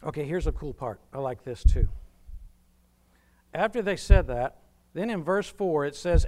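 A man preaching a sermon, swinging from loud proclamations to hushed asides. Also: a little high, expressive, a little slow, pauses often. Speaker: pastor.

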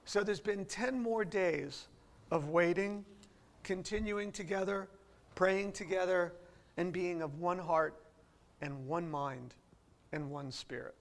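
High-voiced gravelly preacher. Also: male voice, takes it slowly. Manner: explains verse by verse, asks rhetorical questions. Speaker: pastor. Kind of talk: expository sermon. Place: church before a seated congregation.

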